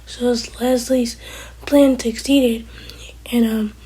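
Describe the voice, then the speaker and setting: A woman's voice: a little high, fairly even intonation, slow, mellow, husky, rough recording. A woman casually recapping a TV episode as a reviewer, retelling scenes in a chatty way and loosely quoting the characters.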